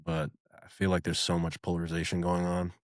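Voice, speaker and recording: A man with a very deep voice speaks evenly and flatly on a podcast. He lays out his thoughts in full, measured sentences. The sound is dry and close. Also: no echo. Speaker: podcast co-host. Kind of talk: casual podcast chat.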